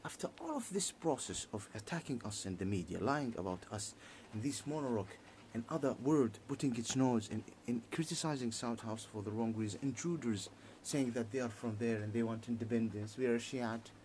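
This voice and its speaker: A man giving a heated political monologue in halting, repetitive English, restarting his sentences often. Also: mid-range voice, darkish tone, a little hiss or hum.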